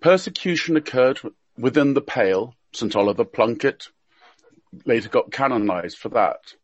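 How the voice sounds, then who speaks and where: Man, husky and wry, presenting a prepared talk over muffled call audio. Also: medium pitch, animated, moderate pace, no echo. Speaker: panelist presenting a topic. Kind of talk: prepared talk read aloud.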